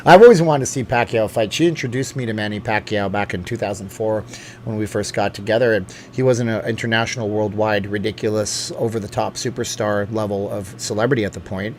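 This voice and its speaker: A man's voice: on the low side, fairly quick, a little mellow, a little hiss or hum. A middle-aged man hosting a casual livestream from home, reading chat and rambling with many restarts and asides. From lives in Las Vegas. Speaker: channel host reading live chat. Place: home room.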